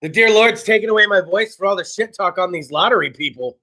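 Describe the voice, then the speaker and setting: A man hosting a casual comedy talk show, telling stories in a brash, profane, animated way. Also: high-pitched, fast. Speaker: host.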